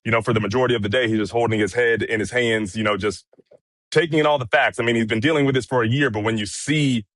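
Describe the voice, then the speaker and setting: A man recounts a day of trial testimony in a calm, measured voice, padding his sentences with fillers. The sound is dry and close to the mic, with no room around it. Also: medium pitch, dry recording. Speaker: courtroom correspondent. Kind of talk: casual commentary chat.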